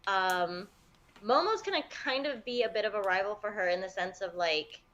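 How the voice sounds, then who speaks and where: Chatty female panelist with a bright voice, relaxed and rambling. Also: mid-range voice, normal speed, highs cut off. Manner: chatty, with fillers and hedges. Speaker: podcast panelist. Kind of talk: casual chat.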